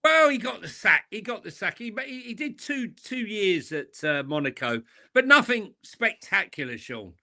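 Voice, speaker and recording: A man's voice: high voice, big pitch swings, moderate pace, gravelly, pushed and bright. A man co-hosting a casual football podcast, chatty and wry. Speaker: podcast co-host.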